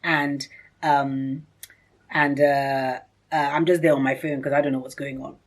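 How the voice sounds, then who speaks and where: A woman vlogging a personal story in a chatty, rambling way, acting out what people said with big jumps in pitch. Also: measured pace. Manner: animated, acts out reported speech with big pitch jumps; chatty, rambling, many fillers and restarts.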